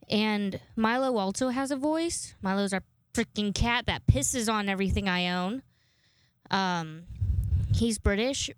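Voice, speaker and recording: A woman's voice: mid-range voice, clean tone, dry recording. A woman in her twenties hosting a podcast into a microphone, chatting in a rambling way and swearing freely. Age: 20s. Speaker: podcast host. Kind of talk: casual podcast monologue.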